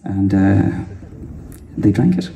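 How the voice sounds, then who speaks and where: A man's voice: low voice, expressive, slow, vocal fry, warm tone. A man with an Irish accent, a singer-songwriter chatting to a live concert crowd and telling a rambling story between songs, chuckling at himself along the way. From Ireland. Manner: rambling, chuckling, self-deprecating chat to the crowd. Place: large outdoor concert venue. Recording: distant echoey audience recording with crowd noise.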